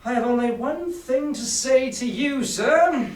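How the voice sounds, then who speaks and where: A man voicing a calm, stern gentleman doctor who speaks with measured, deliberate politeness. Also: extremely high pitch, voice pushed up. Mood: cold stern. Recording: roomy classroom, far from mic.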